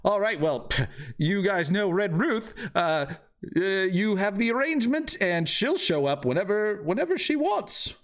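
A man's voice: high voice, very animated, measured pace, voice pushed up, exaggerated voice. A man doing a giggly, gushing innkeeper. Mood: chummy. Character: giggly, excitable male establishment owner.

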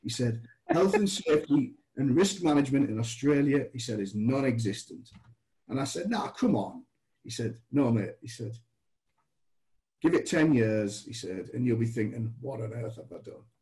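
A man's voice: medium pitch, normal speed, poor audio. A middle-aged man from Britain, a guest telling chatty stories, often acting out the voices of people he quotes. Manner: chatty, restarts, animated quoted dialogue. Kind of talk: casual anecdotal storytelling.

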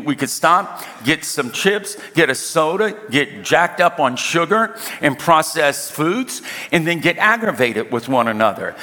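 A man preaching a sermon, telling a personal story with humor and emphatic slowdowns. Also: fairly high pitch, pushed and bright. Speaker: pastor. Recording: reverberant hall.

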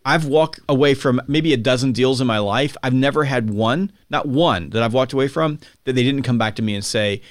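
A man as a podcast guest, explaining with emphatic energy and acting out buyers and sellers in quick quotes. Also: mid-range voice, no room sound, clean studio sound. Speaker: podcast guest, sales author. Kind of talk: conversational explaining.

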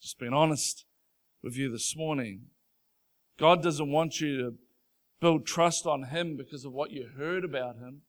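A man preaching a Sunday sermon with a slightly higher-than-usual voice. He talks to the congregation in a plain, earnest way and builds to loud, emphatic stretches. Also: unhurried. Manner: earnest, conversational preaching that grows louder and more emphatic. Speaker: pastor. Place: church stage before a congregation.

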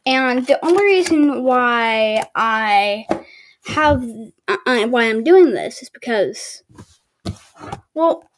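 A woman's voice: a little high, lively intonation, takes it slowly, a little hiss or hum. A woman hosting a casual home podcast, reading a book aloud with stumbles and sarcastic asides. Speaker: podcast host.

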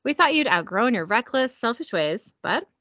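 A stern, haughty high priestess lecturing with open contempt, read by a woman. The pitch is lively, the sound dry and dull. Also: normal speed, dry recording, full character voice. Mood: scornful.

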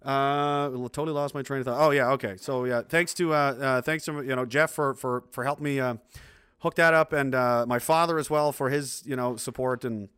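A man's voice: medium pitch, fairly even intonation, normal speed, a bit bright, clear, resonant tone, no room sound, studio quality. A man hosting a casual livestream, talking in a rambling way with many restarts. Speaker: livestream host.

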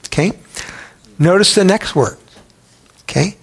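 Animated, higher-pitched male preacher. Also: a little slow. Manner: animated storytelling with acted voices; humorous, conversational. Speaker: pastor. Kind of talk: sermon.

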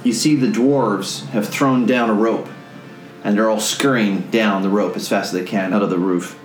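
A man narrating as game master, describing the scene in an animated way. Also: lowish voice, moderate pace, reverberant, soft background music.

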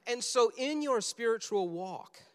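Male preacher, high-pitched, animated storyteller; long reverb of a big room. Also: a little slow. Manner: animated storytelling, acting out film scenes. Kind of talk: sermon.

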